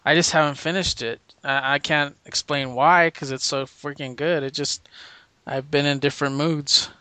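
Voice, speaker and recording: Man, casual podcast chat, enthusiastic, bright crisp voice, dry close sound. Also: a little high, fairly even intonation, normal speed, no echo. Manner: enthusiastic, laughs often, restarts sentences. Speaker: podcast co-host.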